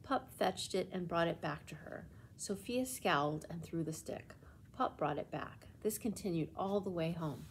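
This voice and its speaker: A children's librarian reading a storybook aloud in a library children's room, in clear, steady storytelling. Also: female voice, on the low side, moderate pace, a little hiss or hum. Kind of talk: children's book read-aloud.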